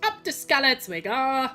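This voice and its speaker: A woman's voice: high voice, pushed and bright. A woman streamer giving brash, playful live commentary on a game, swearing freely.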